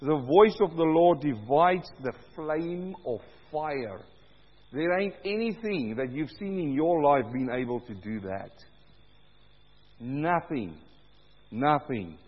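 A man preaching a sermon as pastor, loud and booming, his voice swelling as he reads scripture. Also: expressive, takes it slowly, husky. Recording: dull, lo-fi sound with long hall reverb.

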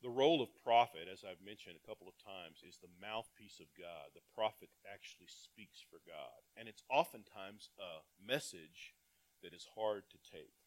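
Delivering a sermon at normal speed, this male pastor has a lowish voice and lively intonation. He reads scripture to the congregation, asks them rhetorical questions, and moves between booming, emphatic calls and quiet asides.

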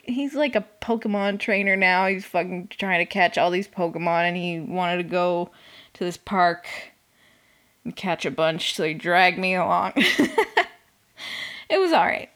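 A woman's voice: on the low side, fairly bright tone. A young woman hosting a podcast, talking casually and sarcastically about a reality show, swearing often and filling with "like". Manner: sarcastic, swears a lot, fills with "like". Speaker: podcast host. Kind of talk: casual reality-TV recap monologue.

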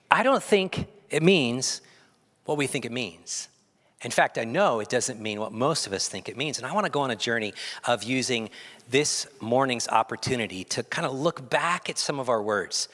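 Animated male pastor in a reverberant hall. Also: medium pitch. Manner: animated, joking, leads call-and-response with the congregation. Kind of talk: sermon. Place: church sanctuary.

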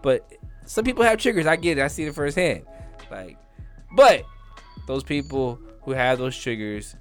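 A man's voice: medium pitch, expressive, normal speed, faint music behind. A man co-hosting a comedy podcast, telling rambling crude stories, swearing and laughing a lot. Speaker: podcast co-host.

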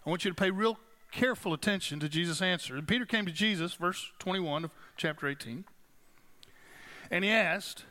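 A man delivers a sermon as the pastor, his voice sitting high and sounding clear and bright. He talks to the congregation in a relaxed, conversational way. He slows down and stresses the phrases he wants to land. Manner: conversational, emphatic preaching with slowed, stressed phrases.

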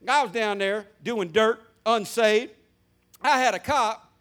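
An older man from Florida, preaching a sermon. He tells folksy stories and swings from loud to hushed. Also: very high voice, a little slow, long pauses. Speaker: pastor.

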